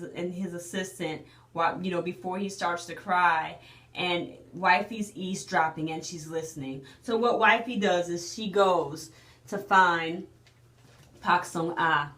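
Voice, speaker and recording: A woman's voice: fairly low pitch, a bit bright, reverberant. A woman casually recapping a drama episode, chatty and emotional with lots of fillers and restarts. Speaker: drama reviewer.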